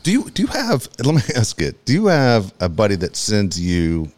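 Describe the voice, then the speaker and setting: Man, podcast co-host, gruff and dismissive, profane casual talk, lively pitch. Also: normal speed. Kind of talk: casual banter.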